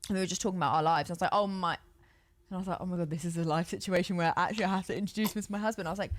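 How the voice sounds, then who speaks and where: A woman's voice: fairly low pitch, very fast, a little hiss or hum. A woman on a podcast telling stories in casual chat, acting out the lines she quotes. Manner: animated storyteller acting out quotes. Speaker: podcast guest.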